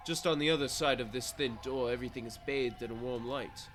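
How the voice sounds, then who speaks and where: A man's voice: mid-range voice, a little fast, hardly any pauses, a bit bright. A man streaming a visual novel, reading its first-person narration aloud with dramatic, pleading repetition. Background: game music.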